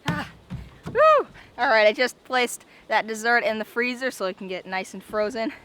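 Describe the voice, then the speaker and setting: A woman's voice: a little high, a little fast, a bit bright, a little hiss or hum. A young woman making a casual daily vlog, chatty and rambling, often repeating herself and saying "like". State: out of breath. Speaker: vlogger.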